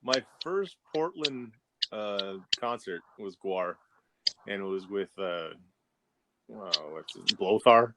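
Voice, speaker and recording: Guy with a lowish voice hosting a podcast, laid back, laughs a lot. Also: slow, slight background noise. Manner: relaxed, laughs often, rambling. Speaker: podcast co-host. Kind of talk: casual chat.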